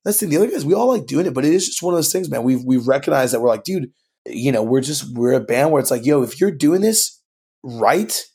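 A man's voice: medium pitch, lively intonation, fast talker, a little mellow, husky. A young man from California, a band singer guesting on a podcast, talking in a laid-back slangy way full of "dude" and "like". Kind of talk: casual podcast conversation.

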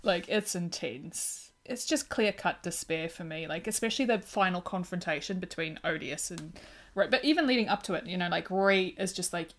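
A woman co-hosting a podcast, in casual film discussion, talking in an animated way and retelling scenes with lively emphasis. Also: lowish voice, normal speed. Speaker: podcast co-host.

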